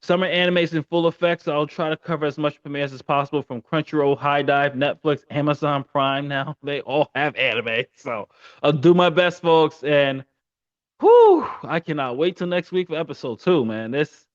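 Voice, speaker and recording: A man's voice: a little high, lively intonation, moderate pace, no room sound, dull audio. A man hosting his own anime review channel, talking in a casual, earnest way and often tripping over his words, a little choked up. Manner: earnest, stumbling, repeating words.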